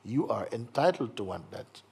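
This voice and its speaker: A man giving a gentle spiritual talk to an audience, playful and teasing, acting out little voices and laughing as he speaks. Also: medium pitch, sing-song, normal speed, vocal fry, husky. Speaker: spiritual teacher.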